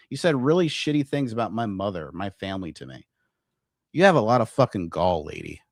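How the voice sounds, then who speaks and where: A man hosting a livestream, talking straight at his chat in a combative, foul-mouthed rant. His voice sits at a middle pitch and sounds dry and close, with no room around it. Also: no room sound. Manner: profane, combative ranting at chat. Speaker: livestream commentary host. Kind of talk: livestream commentary.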